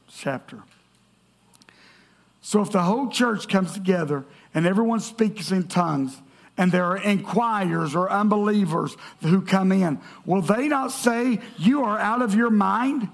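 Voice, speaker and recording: High-voiced gravelly male preacher. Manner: storytelling, reading scripture aloud. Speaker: pastor. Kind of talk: sermon.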